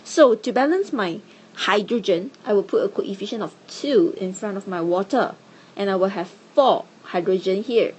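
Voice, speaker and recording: Lady chem teacher, kinda raspy voice, patient step by step explaining. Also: medium pitch, moderate pace, darkish tone, dull audio. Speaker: chemistry teacher. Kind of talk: classroom lesson.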